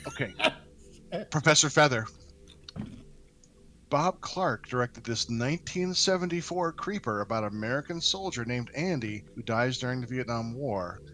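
A man runs a casual podcast quiz with his co-hosts. He jokes freely and slows into a theatrical read for the questions. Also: mid-range voice, lively intonation, a bit bright. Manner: playful, reads questions dramatically. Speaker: quiz host.

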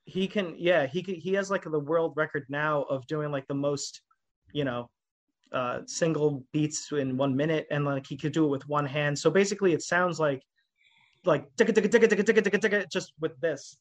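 Animated storytelling male podcast guest. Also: on the high side, normal speed. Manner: animated rambling storytelling with many fillers. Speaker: guest musician. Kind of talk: casual podcast chat.

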